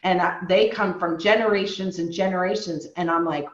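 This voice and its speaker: A woman's voice: fairly low pitch, fairly even intonation, a little fast, roomy sound, dull audio. A woman from New York hosting a podcast, telling stories in casual conversation and acting out the people she quotes. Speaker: podcast host.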